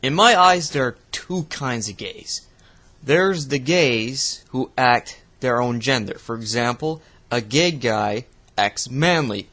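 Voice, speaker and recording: A young man hosting a reaction video, giving sarcastic, profane commentary with loud outbursts. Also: mid-range voice.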